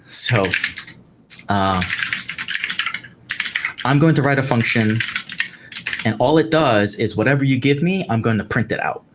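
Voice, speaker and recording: A man with a fairly low voice walks through code in a live tutorial, explaining each step as he types. His delivery is loose, with fillers and check-ins. Faint keyboard clicks sit under his voice. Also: a little hiss or hum. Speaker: instructor. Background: keyboard typing.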